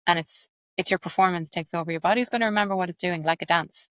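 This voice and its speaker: An Irish woman explains accent work with quick, lively energy, using examples. Her voice sits a little low. The sound is close and dry. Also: no echo. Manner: fast, animated, explains with examples. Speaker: accent coach and actress, guest. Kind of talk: explanatory interview talk.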